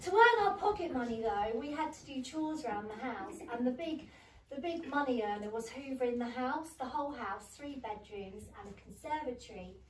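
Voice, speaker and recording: A woman's voice: fairly high pitch, animated, fairly quick, a little hiss or hum. A woman in her thirties doing a stand-up comedy set without a microphone, chatty and giggling at her own jokes. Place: comedy venue room with audience. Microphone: no microphone, recorded from a distance. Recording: echoey room, voice from far off.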